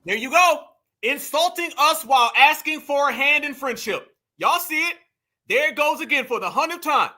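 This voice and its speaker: Bright, high-voiced man preaching to viewers. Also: expressive, normal speed. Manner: preachy, repeatedly addresses listeners as family. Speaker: commentary channel host. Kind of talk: heated commentary reacting to a clip.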